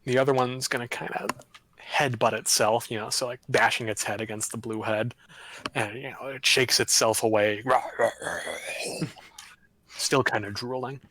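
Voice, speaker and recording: A man running a tabletop game as game master, talking in a relaxed, rambling way with fillers. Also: mid-range voice, normal speed.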